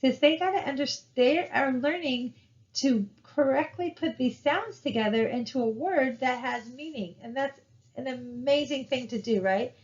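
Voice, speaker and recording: A woman's voice: high-pitched, normal speed, darkish tone. A woman giving a recorded college lecture in a casual, conversational way, with frequent fillers and "right?" tag questions. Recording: dull lo-fi recording.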